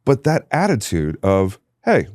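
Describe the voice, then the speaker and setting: A man's voice: low voice, animated, a little fast, a little mellow, dry recording. A man hosting a podcast in a studio, speaking with emphatic enthusiasm. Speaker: podcast host. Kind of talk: casual conversation.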